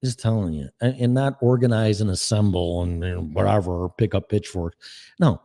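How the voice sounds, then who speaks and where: A man's voice: fairly low pitch, moderate pace, warm tone, long reverb tail. A man hosting his own online show, talking in a rambling, sarcastic way and swearing freely as he reads the chat. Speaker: podcast host. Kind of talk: casual monologue reading chat.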